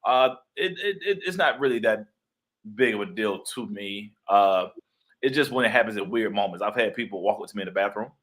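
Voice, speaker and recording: A man with a low voice chats casually in an interview. He is a playful storyteller who keeps acting out what other people said. He sounds like a young adult. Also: lively intonation, brisk, a bit bright. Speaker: guest author and actor.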